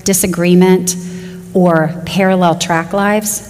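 A woman delivers an earnest sermon in a somewhat low voice. She speeds up and slows down, drawing out the phrases she wants to land. Her voice carries a long reverb, as in a large hall. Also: fairly even intonation, a little mellow. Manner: earnest, varied pace with slow emphatic phrases. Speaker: women's Bible teacher.

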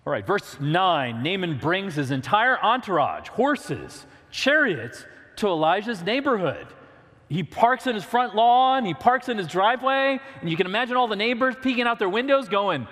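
A man's voice: high-pitched, very animated, moderate pace, a bit bright, long reverb tail. A man preaching a sermon, earnest and direct, asking the listeners questions and reading scripture aloud. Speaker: pastor.

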